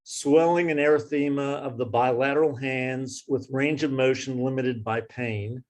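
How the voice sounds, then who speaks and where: A man presenting a clinical case, reading physical exam findings in a brisk, matter-of-fact way. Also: mid-range voice, steady tone.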